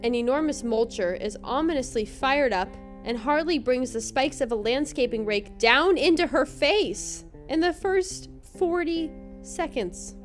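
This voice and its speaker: A woman's voice: high voice, expressive, soft background music. A woman hosting a podcast, narrating a scripted comedic recap in a wry, sarcastic way. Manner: wry, sarcastic, quick to laugh. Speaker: podcast host.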